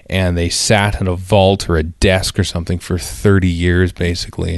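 A man with a very low voice co-hosts a casual podcast, wandering through his points and restarting his sentences often. The sound is dry and close, with no room around it. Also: dry recording. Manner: rambling, hesitant, many fillers and restarts. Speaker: podcast co-host. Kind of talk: casual chat.

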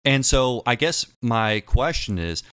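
A man's voice: mid-range voice, a little slow, clear, resonant tone, no room sound, studio quality. A man co-hosting a podcast, casually chatting and eagerly asking questions. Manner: animated, probing questions. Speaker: podcast co-host. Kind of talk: casual chat.

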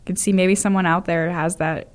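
A woman co-hosting a casual chat about musicals, animated and incredulous. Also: fairly low pitch. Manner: animated, incredulous, quick to laugh. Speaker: podcast co-host.

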